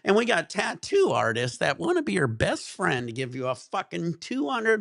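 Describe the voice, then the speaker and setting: Man, livestream host, gravelly voice, dry sound, exasperated, profane ranting. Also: on the high side, wildly swooping pitch, normal speed, few pauses, fairly bright tone, no room sound.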